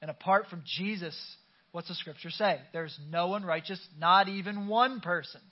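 High-voiced man preaching a sermon. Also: normal speed, muffled recording. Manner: conversational, urges the congregation to respond. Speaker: pastor. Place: church sanctuary.

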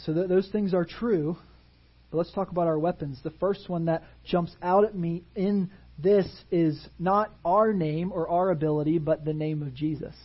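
A man preaching a sermon in a church, animated and full of rhetorical questions to the congregation. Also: sits high, breathy edge, dull audio. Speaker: pastor. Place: church sanctuary.

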